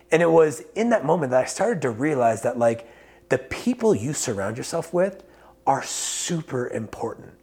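Male coach, 30s, rough husky voice with fry, candid motivational vlog delivery, curses freely, builds to emphatic. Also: medium pitch, a little mellow. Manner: casual and candid, swears freely, grows emphatic. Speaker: life coach. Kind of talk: motivational talk to camera.

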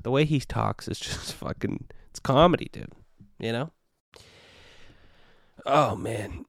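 A man talking alone into a podcast microphone, rambling and swearing freely in loose, animated chat. His voice has a mid-range pitch for a man. The sound is close and dry, with no room around it. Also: slow pace, gravelly, no room sound. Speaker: podcast host. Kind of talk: casual solo podcast monologue.

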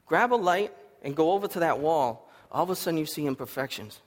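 A man delivering a sermon in a slightly high voice, building stories with animated swings between loud bursts and hushed asides. He sounds a little sniffly from allergies. A long reverb trails his words, as in a large church hall. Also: fairly quick. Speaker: preacher.

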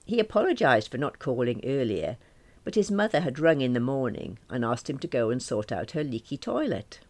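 A woman reads a first-person diary-style novel with a chatty, wry, self-deprecating touch. Her pitch moves in lively rises and falls as she tells the story. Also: fairly quick. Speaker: audiobook narrator.

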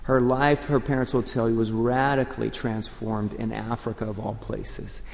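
A man preaching a sermon, telling stories and rising to loud, excited proclamations. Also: mid-range voice, normal speed, vocal fry. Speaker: pastor. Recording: long hall reverb.

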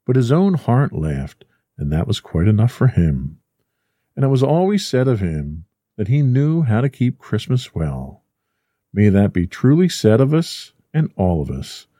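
A man narrating a classic story with measured, expressive delivery. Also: lowish voice, dry recording, clean studio sound.

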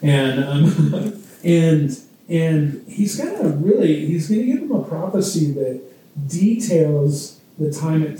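A man leading a casual Bible study, talking in a relaxed way with many fillers and restarts, to a small group in a room. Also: fairly high pitch, a little hiss or hum. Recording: dark, echoey room from far off.

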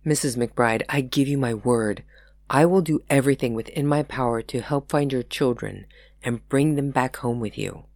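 A woman voicing a courteous, earnest male gentleman who speaks with formal, old-fashioned politeness. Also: extremely low pitch, moderate pace, no room sound, studio quality.

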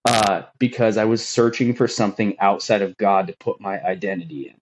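A man's voice: fairly low pitch, steady tone, a little fast, rough recording. A man, a firefighter, telling his own story on a podcast in an earnest, rambling way with many fillers. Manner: earnest, rambling, emotional retelling with lots of fillers. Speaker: firefighter guest.

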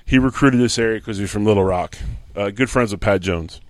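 Lower-voiced man telling a story. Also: fairly quick, no room sound. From Philadelphia, USA. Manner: animated storyteller who acts out quoted dialogue. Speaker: guest, former pro football lineman. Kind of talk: casual anecdotal storytelling.

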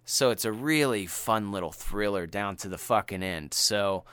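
A man's voice: on the low side, moderate pace, smooth, dry recording. A man co-hosting a podcast, chatting casually and retelling a film with slang and profanity. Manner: animated and profane, slangy storytelling. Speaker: podcast co-host.

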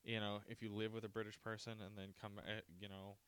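Smooth-voiced man rambling on a podcast. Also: fairly low pitch, little pitch movement, fairly quick, fairly bright tone. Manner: rambling, joking and profane. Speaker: podcast host. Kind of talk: casual solo podcast chat.

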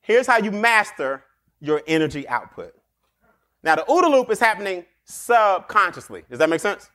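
Lively, laughing man giving street-wise advice. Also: sits high. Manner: animated, laughs often, acts out quick exchanges. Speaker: podcast host. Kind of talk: motivational street-wise talk.

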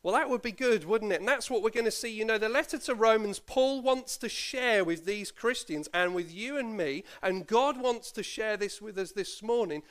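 A man, a pastor, reading scripture and preaching a sermon, playful and lively as he asks children questions. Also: high-pitched. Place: church service.

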